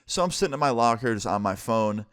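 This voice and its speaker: A man's voice: mid-range voice, animated, quick pace, fairly bright tone, smooth, dry recording, clean studio sound. A young man telling a story in a vlog, talking casually and swearing freely. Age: young adult.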